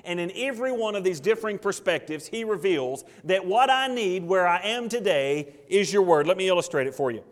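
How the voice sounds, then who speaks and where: A man preaching a sermon with earnest emphasis, slowing down and rising when he reads scripture, then dropping soft and low to ask the congregation questions. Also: expressive. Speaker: pastor. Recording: long hall reverb.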